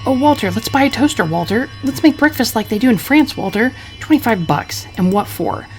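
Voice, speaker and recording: A woman voicing a crude, drunken, scheming husband from the 1940s, talking gruffly and cursing. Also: on the high side, animated, brisk, faint music behind. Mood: grumbling. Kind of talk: reading game dialogue aloud.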